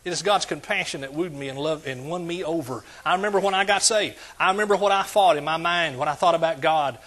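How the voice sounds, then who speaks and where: A male pastor delivers a sermon with a slightly raised pitch. His voice is husky and a little breathy. He talks straight to the congregation and often swells into loud exclamations. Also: quick pace. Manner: preaching with call-and-response, rising to shouts.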